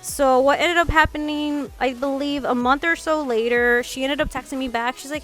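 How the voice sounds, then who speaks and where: A young woman vlogger telling a personal story in casual chat, animated and full of "like"s and restarts. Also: sits high, normal speed, hardly any pauses, faint music behind. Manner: animated, acts out quotes, many "like"s and restarts.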